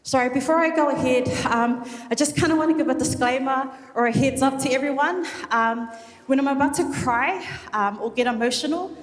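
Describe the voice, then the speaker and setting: Woman from New Zealand, high voice, candid emotional graduation speech, heavy fillers, echoey hall with long reverb. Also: brisk. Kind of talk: personal speech at a ceremony.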